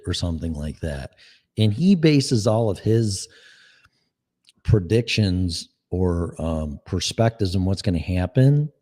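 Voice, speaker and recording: A man's voice: low-pitched, dark tone. A man, giving a profane, sarcastic, exasperated political rant. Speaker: political commentator. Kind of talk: ranting monologue.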